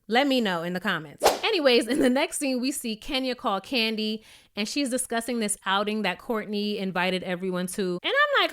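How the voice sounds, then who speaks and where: A woman giving a sassy, blunt, casual recap of a reality show, with animated asides. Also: a little high, normal speed.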